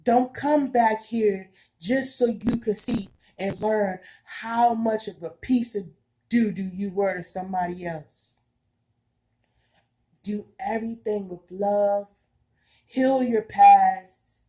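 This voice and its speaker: A woman speaks straight to her viewers about spiritual growth in a casual, heartfelt way. She talks slowly, leaning on repetition for emphasis, and her voice has a dark, mellow tone. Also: medium pitch, fairly even intonation. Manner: earnest and emphatic, repeats herself, casual colloquial speech. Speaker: spiritual vlogger.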